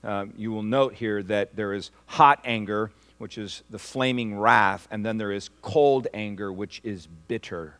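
A man preaching a sermon as pastor, asking the congregation for responses and swinging from hushed, slow lines to loud, rising ones. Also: on the low side.

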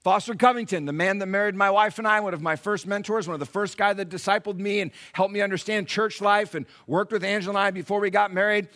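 Animated bright-voiced male preacher. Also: high voice, fast, hardly any pauses. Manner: animated, dramatic retelling with voiced asides; swings from hushed to loud. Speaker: pastor. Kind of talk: sermon.

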